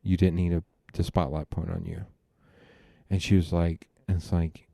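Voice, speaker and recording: Low, dry-voiced man telling family stories. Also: normal speed, creaky, dry recording. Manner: animated storyteller, quoting family with laughs. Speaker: podcast host. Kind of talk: casual storytelling chat.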